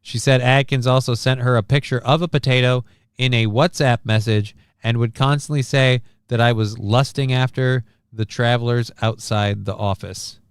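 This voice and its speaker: Brief: deadpan male stream host, smooth clear voice, dry close sound. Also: medium pitch, moderate pace, no room sound. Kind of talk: casual live-stream chat, reading news and comments.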